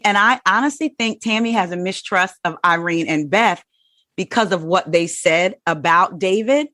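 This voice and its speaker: A woman in her forties talking candidly in a casual chat, animated and telling personal stories. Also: on the low side, moderate pace, a little hiss or hum. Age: 40s. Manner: candid and animated, acts out quoted voices. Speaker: podcast guest.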